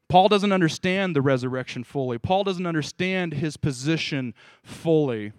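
A man's voice: fairly high pitch, lively intonation, normal speed, few pauses, no room sound. A man preaching an informal sermon, talking casually and asking his group questions as he goes. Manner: casual, conversational, asks the group questions, restarts. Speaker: pastor.

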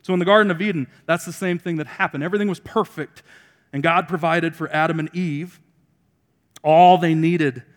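A man's voice: a little high, steady tone, fast. Joking preacher man in a reverberant hall. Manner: joking asides to the congregation; shifts between loud emphasis and quiet asides. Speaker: pastor. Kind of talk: sermon.

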